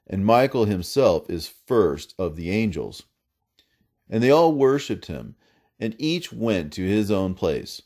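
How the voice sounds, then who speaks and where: A man with a low voice reads an ancient religious story in solemn, measured narration. His pitch rises and falls freely across phrases. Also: darkish tone.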